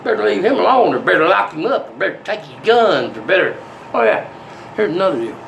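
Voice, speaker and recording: Older guy rambling to camera, gravelly voice, pitch jumps all over, soft one sec then menacing. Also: big pitch swings, brisk, slight background noise, rough recording. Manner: volatile, swinging from soft to menacing.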